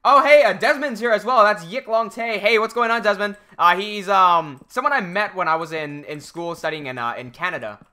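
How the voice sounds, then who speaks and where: A man's voice: sits high, brisk, few pauses, pushed and bright, clean tone. A young adult man chatting casually on a live stream while gaming, rambling and often cutting himself off. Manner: rambling, self-interrupting, reads chat aloud.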